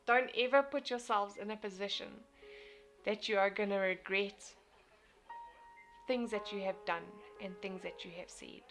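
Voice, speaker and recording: With soft music playing in the background, this young woman from South Africa talks earnestly on her casual motivational stream and reads viewer comments aloud. She has a medium-pitched, steady, fairly bright voice, speaks at a moderate pace, and tends to restart and repeat herself.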